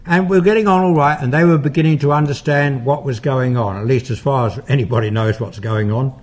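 Lecturing and fielding audience questions, an older paranormal investigator speaks in a mid-range voice. He tells his anecdotes without hurry, performing the quoted dialogue as he goes.

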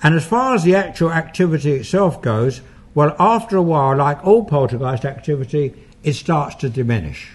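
A man's voice: fairly high pitch, animated, moderate pace, husky. An older man, a paranormal investigator, giving a public talk and taking audience questions, in a conversational, anecdotal way with asides and fillers.

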